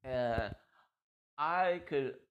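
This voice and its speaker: A man's voice: medium pitch, drawn-out words, muffled recording. A man who makes gaming videos, chatting casually and rambling, often repeating himself and laughing easily. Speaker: gaming content creator. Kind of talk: casual chat about a game.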